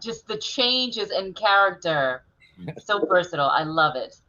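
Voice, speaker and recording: A man's voice: sits high, big pitch swings, unhurried, sharp tone. A man hosting a talk show, praising his guest with enthusiasm. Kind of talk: casual interview chat. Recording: dull lo-fi audio.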